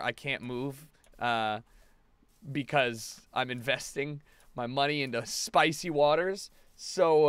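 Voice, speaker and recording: A man with a somewhat high, smooth and resonant voice talks to his live stream chat while he plays. He rambles and rants, swearing freely as he vents at home. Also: a bit bright, no echo. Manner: ranting, profane, rambling. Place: home apartment.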